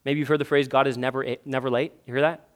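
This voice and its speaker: A pastor in his thirties preaches in a church sanctuary, talking fast in a medium-pitched voice. He's animated and energetic, acting out prayers in a raised, pleading voice.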